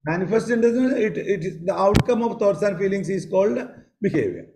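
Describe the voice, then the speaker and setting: A man teaching psychology on a video call, pausing often, repeating phrases and asking the class questions. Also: sits high, sing-song, noisy background. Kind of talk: online class lecture.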